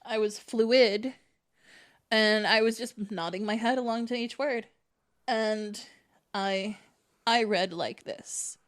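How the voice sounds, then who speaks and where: A woman's voice: a little high, fairly even intonation, slow pace, long pauses. A young woman co-hosting a casual podcast, telling rambling stories and often cutting herself off mid-sentence. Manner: rambling, self-interrupting storyteller. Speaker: podcast co-host. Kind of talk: casual chat.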